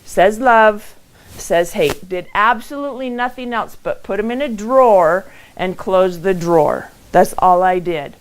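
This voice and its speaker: A middle-aged woman giving a motivational talk from her own home and telling stories with lively acted quotes. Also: mid-range voice, unhurried, poor audio. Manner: animated storytelling with acted quotes. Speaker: motivational speaker hosting a live event. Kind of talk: live-streamed motivational talk.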